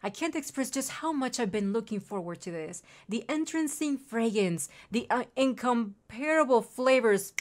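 A woman's voice: a little high, lively intonation, normal speed, few pauses, natural voice. A woman reading aloud the lines of a chatty male shopkeeper in a game, in a friendly tone. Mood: savoring. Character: chatty male shopkeeper, fond of pungent food.

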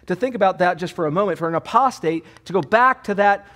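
A man's voice: high voice, quick pace, a bit bright. A man preaching an expository sermon as pastor, emphatic and repeating key words for weight, with a Californian English accent.

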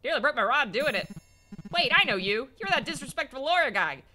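A player voicing a blunt, helpful female bird who fishes, speaking in a brisk, matter-of-fact way. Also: high voice, sing-song, bright, forceful tone, a little hiss or hum, exaggerated voice.

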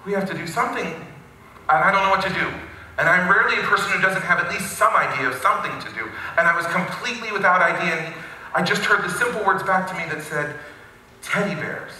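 A male pastor telling a story in a sermon, animated and with wry asides. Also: high voice, fast. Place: church sanctuary. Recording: very echoey hall, from a distance.

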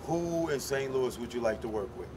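A man's voice: mid-range voice, expressive, moderate pace. Man interviewing on a noisy street. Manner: direct, questioning, casual slang. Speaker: interviewer and host. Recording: street noise with passing vehicles.

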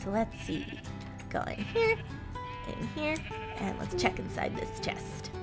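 A woman's voice: a little high, very animated, unhurried, loud music behind the voice. A woman hosting a kids' game let's-play in a bubbly, exaggerated, sing-song way. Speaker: kids' show host.

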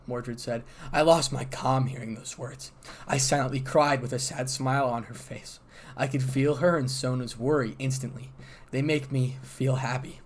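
A man narrates fan fiction aloud at a mid pitch, in a plain, unpolished reading voice. He trips over a word now and then and pushes on. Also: moderate pace. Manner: plain reading with small stumbles.

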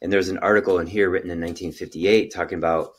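A middle-aged man, a chiropractor hosting a health interview, explaining at length and telling stories with bursts of excitement and quiet trailing asides. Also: deep voice, quick pace. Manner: animated storyteller, lively when excited, trailing off into quiet asides. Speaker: chiropractor and health podcast host.

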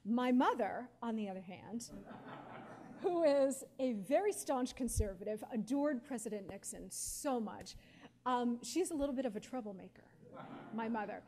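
A guest speaker in her forties tells stories at a live Q&A, her voice a little high at normal speed. Her delivery is animated, often punctuated by laughter and many casual fillers.

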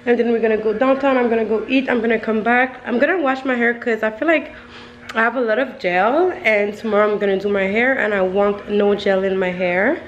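Chatty young woman vlogging, slightly high voice. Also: fairly quick, lo-fi sound. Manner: rambling, chatty, says "y'all" often. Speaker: beauty vlogger. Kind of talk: casual vlog chat.

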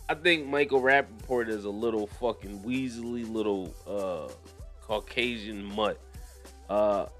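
A young man hosting a casual commentary show, reading news aloud with profane, animated riffs and frequent laughter. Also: mid-range voice. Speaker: commentary channel host.

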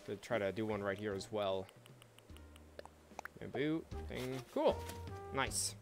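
A man's voice: on the low side, expressive, slow, vocal fry, over music. A man giving casual, laid-back gameplay commentary, chatting to viewers and swearing freely. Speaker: let's play host.

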